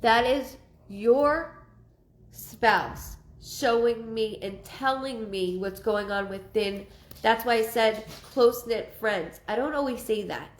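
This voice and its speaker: A woman's voice: a little high, slow, echoey room. A woman giving a live psychic reading, rambling and repeating herself with many ums. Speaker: psychic medium.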